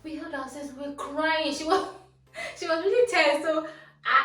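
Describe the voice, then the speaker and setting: A young woman with a Nigerian accent telling a storytime vlog in a lively, animated way, dropping Pidgin phrases. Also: high-pitched, moderate pace. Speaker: vlogger. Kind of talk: casual storytime. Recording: echoey room, voice from a distance, faint music.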